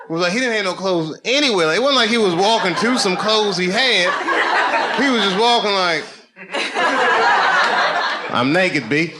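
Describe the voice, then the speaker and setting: A middle-aged man doing stand-up comedy, telling a story with animated swings between low muttering and loud punchlines, at a live venue with an audience. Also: a little fast. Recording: live show with crowd noise. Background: audience laughter.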